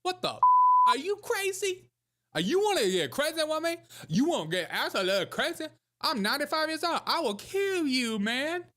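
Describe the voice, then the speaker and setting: A man's voice: very high voice, very animated, normal speed, pushed and bright, pitched above the performer's own voice, full character voice. A man voicing a frail, ninety-five-year-old man who is furious and blusters threats of a fight. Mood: enraged.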